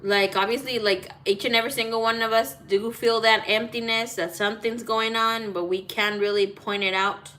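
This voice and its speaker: A woman's voice: fairly high pitch, level tone, normal speed, few pauses, sharp tone. A woman talking casually to live viewers as a tarot reader, greeting people by name, cursing freely and slipping in Spanish greetings. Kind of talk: casual live-stream chat. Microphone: phone.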